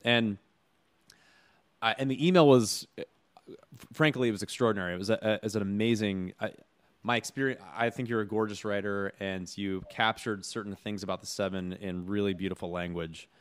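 Male interviewer, low-pitched, reflective, restarts his sentences while he searches for words. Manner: warm-hearted, halting, searching for words. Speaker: interviewer host.

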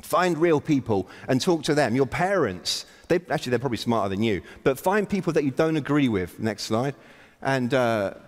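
A man's voice: medium pitch, very animated, moderate pace. Wry man speaking in a hall. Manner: wry, self-deprecating, exhorting the audience. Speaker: keynote speaker. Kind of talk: conference opening address. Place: large conference hall stage. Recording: long reverb of a big hall.

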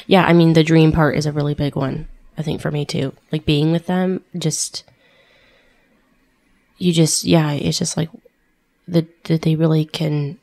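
A woman's voice: low-pitched, level tone, unhurried, gravelly, a little mellow. A woman, a missionary guest in an interview, speaking in a reflective, hesitant way. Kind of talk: conversational interview.

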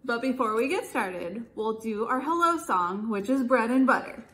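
A woman's voice: on the high side, lively intonation, moderate pace, fairly bright tone, slight background noise. A woman hosting a children's library storytime, talking in a cheerful, sing-song way to kids from a library. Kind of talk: virtual storytime reading.

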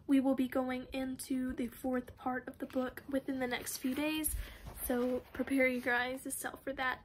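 A woman reading a young adult novel chapter aloud on her channel, with a steady, even delivery. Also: sits high, a little hiss or hum. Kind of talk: read-aloud narration of a novel.

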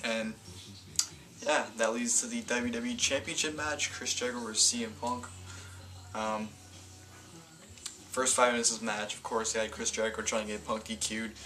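Bright-voiced man rambling through a review. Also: mid-range voice, fairly even intonation, moderate pace. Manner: rambling, stumbling, self-correcting. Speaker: wrestling event reviewer. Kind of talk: casual video review.

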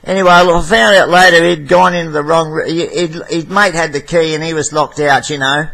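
A man's voice: on the high side, steady tone, a little fast, gravelly, sharp tone, rough recording. An Australian man telling a rambling vlog story, blunt and profane, with stammered restarts. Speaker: vlogger.

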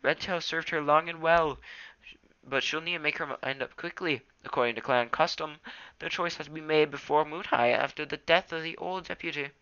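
A man's voice: fairly high pitch, moderate pace, bright, forceful tone, clear, resonant tone, highs cut off, voice pushed up. A young man voicing an impatient, crotchety old male elder cat in a storybook reading. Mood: grave. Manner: snappish, impatient.

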